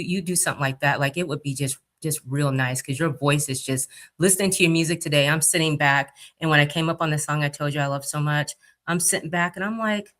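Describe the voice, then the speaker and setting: An interview host woman with a lowish voice, chatting casually. She keeps things moving with steady affirmations and praise for her guests. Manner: warm, encouraging, with frequent affirmations.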